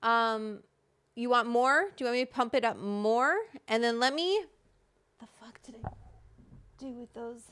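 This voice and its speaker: A woman's voice: a little high, normal speed, a bit bright, clean tone. Flustered woman fixing her mic on a livestream. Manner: flustered, apologetic, talks to herself while fixing gear. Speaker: livestream host. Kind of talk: casual livestream chat. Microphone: desk microphone.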